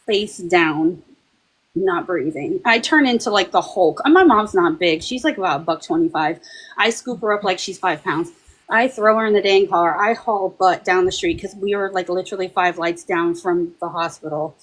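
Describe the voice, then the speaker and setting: A woman talks casually on a paranormal discussion panel. She tells a long personal story, animated and chatty, and slips into the voices of the people she quotes. Her voice sits at an ordinary middle pitch. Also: rough recording.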